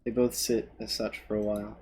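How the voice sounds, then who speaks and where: A man streaming, reading a visual novel's narration aloud in a steady manner. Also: fairly low pitch, fairly quick, a little hiss or hum.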